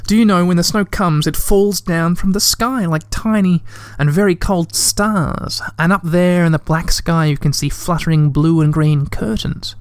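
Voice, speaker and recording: A man's voice: a little high, moderate pace, hardly any pauses, smooth, no echo, pitched above the performer's own voice, lightly acted. A man voicing a young male troll child in a storybook reading, talking eagerly and earnestly.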